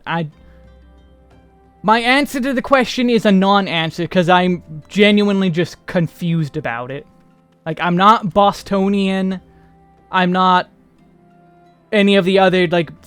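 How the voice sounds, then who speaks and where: High, smooth-voiced American streamer. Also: male voice, fairly bright tone, no echo. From United States. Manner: rambling, self-deprecating chatter. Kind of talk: casual gameplay commentary.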